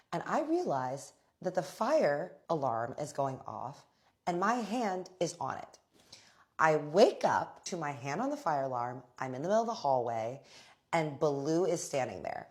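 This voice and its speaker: A young woman tells a personal story straight to her viewers. Her voice sits very low for a woman. She is chatty and animated, and she acts out what others said without changing her voice much. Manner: animated, acts out quoted friends in her own voice, frequent "like". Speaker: storytime vlogger. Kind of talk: casual storytelling.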